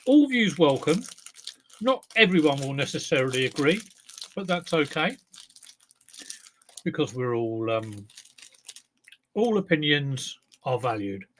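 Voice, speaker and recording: A man's voice: fairly high pitch, sing-song, a little slow, long pauses, fairly bright tone, slight background noise. A man chatting casually on his live stream as a clothes reseller, self-mocking, humming along and talking while he eats. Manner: chatty, self-mocking, breaks into song and talks while eating.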